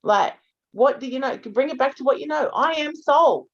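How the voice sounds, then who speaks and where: A woman's voice: high voice, a little fast, creaky, darkish tone, muffled recording. A woman guest in a casual spiritual chat on a video call, talking bluntly and emphatically and swearing freely.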